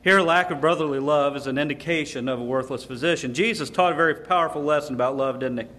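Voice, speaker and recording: A man's voice: on the high side, fast, bright, forceful tone. A man preaching a sermon at a lecture series, emphatic, asking the audience rhetorical questions and quoting scripture. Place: lecture hall.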